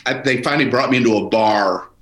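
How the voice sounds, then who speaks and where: A man's voice: mid-range voice, fast talker, fairly bright tone. A man telling a stage story as a guest comedian in a casual conversation, acting out other people in exaggerated voices. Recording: roomy echo.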